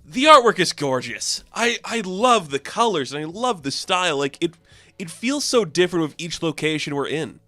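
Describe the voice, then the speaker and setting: A man's voice: fairly high pitch, big pitch swings, moderate pace, pushed and bright, no room sound. A man giving a casual, enthusiastic spoken review of a comic book, with lots of filler words.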